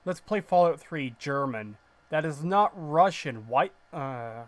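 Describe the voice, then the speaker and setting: A man's voice: on the high side, lively intonation, slow pace. A male game streamer giving casual, ranting commentary, blunt and sarcastic, who swears freely.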